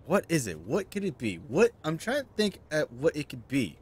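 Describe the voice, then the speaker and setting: Young gaming streamer, exasperated and swearing, pitch swinging up and down. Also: male voice, huge pitch swings, normal speed, husky. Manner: frustrated, exasperated, cursing, mutters to himself. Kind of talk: let's-play commentary.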